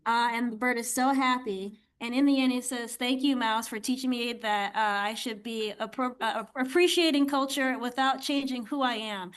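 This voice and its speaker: Chatty high-voiced woman sharing a comic. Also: steady tone. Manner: chatty, uses "like" and quick character voices. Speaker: workshop participant. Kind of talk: casual reading of own comic.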